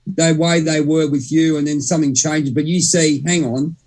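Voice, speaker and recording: Fairly high-pitched and a bit mellow, this young podcast co-host talks at a moderate pace with a flat delivery. In the casual spiritual conversation he wanders, cuts himself off mid-sentence, and uses mild swearing.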